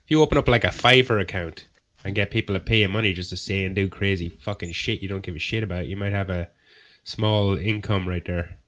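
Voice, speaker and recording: A man's voice: low voice, fairly even intonation, brisk, a bit bright, muffled recording. A man with an Irish accent chatting casually on a livestream panel, swearing freely and rambling. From Ireland. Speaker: panel guest.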